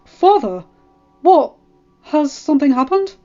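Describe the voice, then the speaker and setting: A woman's voice: mid-range voice, a little slow, dark tone, close to an everyday voice. Lady putting on a nervous shy teen boy, stammery, a bit muffled with music under. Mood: flustered. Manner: flustered and hesitant. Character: startled shy teenage boy.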